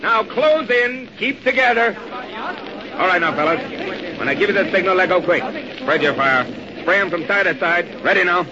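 A barking army corporal. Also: male voice, high voice, animated, moderate pace, noisy background. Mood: commanding. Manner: barking, gruff, commanding. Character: hard-bitten army corporal giving orders. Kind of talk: 1940s radio acting. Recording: muffled old radio broadcast, crowd behind.

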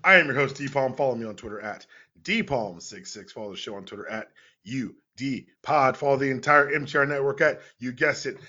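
A man's voice: medium pitch, fairly quick, bright, forceful tone, dull audio. A man in his thirties hosting a casual sports podcast, playful and mock-indignant as he jokes with his guest. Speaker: podcast host.

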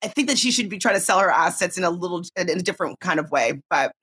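A woman's voice: lowish voice, expressive, fast talker, a bit bright, breathy edge. A woman co-hosting a podcast, chatting her opinions on a reality show, with lots of "like" and laughter. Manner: chatty, many likes, laughs between points. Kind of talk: casual podcast commentary.

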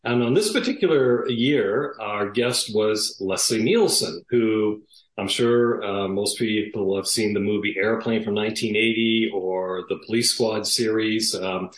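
A man, a former police detective, telling an animated story with lots of fillers and laughs. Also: on the low side, unhurried, roomy sound, low-quality recording. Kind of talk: conversational storytelling.

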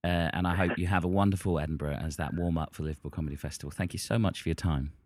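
Deep-voiced male podcast host. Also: fairly even intonation, racing, darkish tone, dry recording, studio quality. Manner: rambling, with frequent restarts and filler. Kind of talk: casual chat.

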